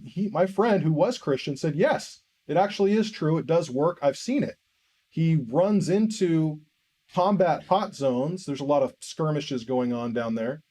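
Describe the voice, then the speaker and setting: Animated man telling a sermon story. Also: medium pitch. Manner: animated storyteller acting out dialogue. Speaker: preacher.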